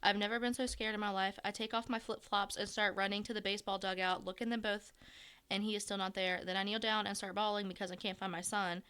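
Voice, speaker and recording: A woman reads a listener's story on a chatty podcast. Her voice is bright and clear, with a smooth, crisp tone. She keeps her delivery blunt and a little profane. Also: mid-range voice, flat delivery, quick pace. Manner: bantering, profane, dry jokes. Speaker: podcast co-host. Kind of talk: casual chat, reading a listener story aloud.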